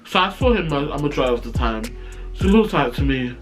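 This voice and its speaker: A man telling a storytime vlog, animated, sassy and profane. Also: mid-range voice, a little fast, faint music behind. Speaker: vlogger.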